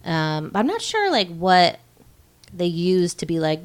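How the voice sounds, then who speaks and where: A woman's voice: fairly low pitch, wildly swooping pitch, takes it slowly, clear, resonant tone. A woman co-hosting a podcast, casually recapping a film with swearing and acted-out quotes. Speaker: podcast co-host. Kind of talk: casual chat.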